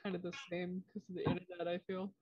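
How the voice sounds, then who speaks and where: A woman's voice: on the low side, completely flat delivery, fast, dry recording. A young woman in casual podcast chat, curious and asking questions. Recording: dull lo-fi sound.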